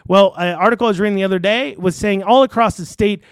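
A man with a high voice rants in a casual online commentary, rambling, restarting sentences and dropping sarcastic asides. He sounds close to a desk mic, with dry sound and no room echo. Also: quick pace, clean tone. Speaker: political commentator.

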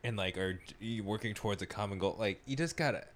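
A man in a casual podcast chat who talks in a relaxed way, swears casually, and answers with short agreeing replies. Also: fairly low pitch, quick pace, a little hiss or hum.

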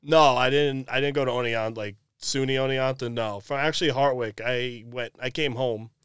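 A man's voice: medium pitch, fairly even intonation, moderate pace, fairly bright tone, clean tone, dry recording, clean studio sound. A young man, a podcast guest rambling casually about his work and family, with lots of fillers. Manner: laid-back, rambling with many fillers. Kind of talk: casual chat.

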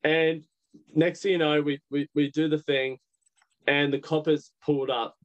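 Australian man, young, slightly higher-pitched voice, candid guest storyteller, loose and rambling. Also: level tone, moderate pace, dull audio. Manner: candid, rambling with many "like" fillers. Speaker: podcast guest. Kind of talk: casual storytelling.

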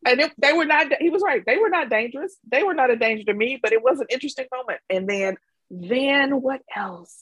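Chatty Mississippi woman, podcast guest, slightly husky, dry and close. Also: sits high, lively intonation, a little fast, a bit bright, no echo, low-quality recording. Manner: chatty storyteller, laughs often. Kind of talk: casual chat.

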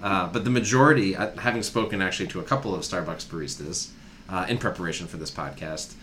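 A man's voice: sits low, fast talker, a bit bright, slight background noise. A young man hosting a casual podcast chat, telling stories in a dry, wry way. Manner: dry, wry storytelling with playful put-on quotes. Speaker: podcast host.

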